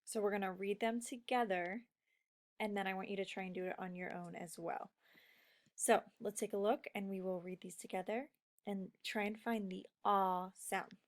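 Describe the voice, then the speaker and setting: A woman teaching a recorded phonics lesson, explaining slowly and patiently to young students. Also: medium pitch, steady tone.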